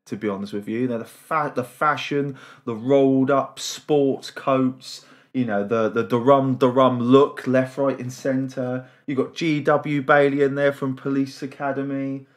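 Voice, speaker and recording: A man's voice: medium pitch, steady tone, measured pace. A man co-hosting a casual podcast, enthusiastic and rambling, often repeating words. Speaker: podcast co-host.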